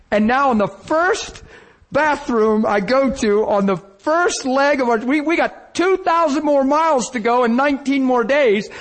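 High-voiced animated male preacher. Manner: animated storytelling, acting out his own crying. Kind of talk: sermon testimony.

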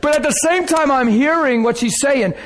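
Guy pastor preaching a story, high voice, gets loud and squeaky when he's worked up. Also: moderate pace, a little hiss or hum. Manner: animated, swings up into high cries when excited; acts out quoted people in his stories. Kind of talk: sermon storytelling.

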